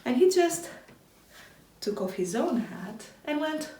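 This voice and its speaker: A woman telling a children's story in an animated, expressive way. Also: high-pitched, takes it slowly. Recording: echoey room, distant mic.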